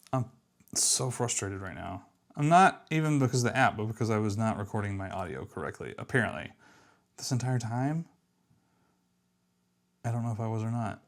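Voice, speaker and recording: Low-voiced man muttering through a coding session. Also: a bit bright. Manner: mutters to himself, trails off, self-deprecating. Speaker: app developer streaming a live build. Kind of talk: casual thinking aloud while coding.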